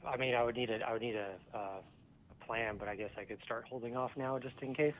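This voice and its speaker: A man's voice: mid-range voice, steady tone, fast talker, slight background noise. Hesitant man on a muffled phone line. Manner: hesitant and awkward, many fillers. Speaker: person on a phone call.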